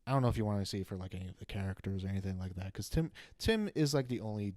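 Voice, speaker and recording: A man's voice: on the low side, animated, rapid-fire, a little mellow, no echo. A young man co-hosting a casual movie review podcast, hesitant and thinking aloud with frequent restarts. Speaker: podcast co-host.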